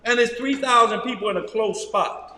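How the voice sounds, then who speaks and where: A man leading a group Bible study in a lively, joking way, raising his voice at times. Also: very high voice, moderate pace, crowd noise. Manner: animated, shouting at times, loose and joking. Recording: roomy hall with long reverb.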